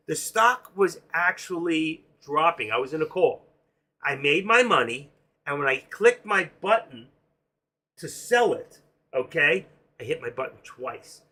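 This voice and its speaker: Excitable trader, bright voice. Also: male voice, fairly high pitch, unhurried. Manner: animated storytelling, excitable, swears casually; explains while drawing on a chart. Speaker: stock trading streamer. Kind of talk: live-stream trading lesson.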